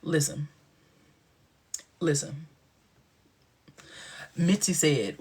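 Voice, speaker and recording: Sassy, husky-voiced man chatting live. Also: a little high, unhurried, long pauses. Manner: sassy, gossipy retelling with sudden dips into whispers. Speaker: livestream host. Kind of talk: casual livestream chat.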